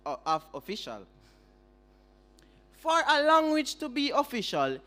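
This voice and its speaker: A man's voice: extremely high pitch, fairly bright tone. A young man with a Jamaican accent giving a formal debate speech as first opposition speaker, firing rhetorical questions at the audience and opponents.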